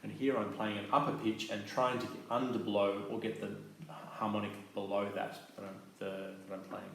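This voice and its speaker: A man explaining clarinet techniques in a calm, methodical teaching manner, with soft fillers between his points. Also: lowish voice, normal speed. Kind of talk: instructional demonstration. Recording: very echoey room with faint noise.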